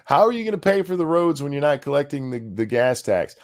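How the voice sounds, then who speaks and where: A man's voice: mid-range voice, animated, normal speed, pauses often, darkish tone. A middle-aged man co-hosting a live political reaction stream, talking in a loose, jokey, often profane way. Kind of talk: casual live reaction chat.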